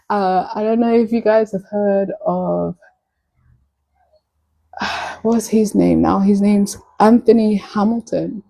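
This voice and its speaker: Woman on a live stream, flirty playful chat with viewers, mellow warm voice, from nigeria. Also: medium pitch, expressive, slow pace, gravelly, pauses often, rough recording.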